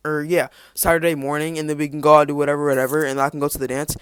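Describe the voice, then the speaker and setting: A man's voice: on the high side, little pitch movement, rapid-fire, fairly bright tone, clear, resonant tone, no room sound. A teenage boy telling a rambling personal story on his podcast, with restarts and sarcastic asides. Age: teens. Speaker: podcast host. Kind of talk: casual storytelling.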